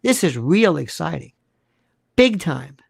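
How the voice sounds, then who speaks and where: Male host, emphatic live-stream monologue, wide swooping delivery, gravelly edge. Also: a little high, slow pace, dry recording, clean studio sound. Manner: animated, emphatic, repeats rhetorical questions.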